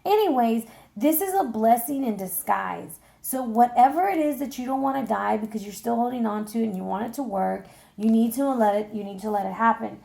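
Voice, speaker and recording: A woman's voice: on the high side, animated, brisk, gravelly, few pauses, warm tone. A woman giving a casual tarot reading, talking straight to her viewers in an emphatic, colloquial way. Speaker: tarot reader. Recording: echoey room.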